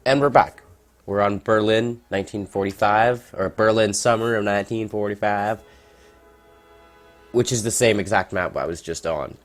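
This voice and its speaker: A man giving casual, rambling gameplay commentary, reacting out loud and swearing at surprises. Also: fairly low pitch, moderate pace, faint music behind.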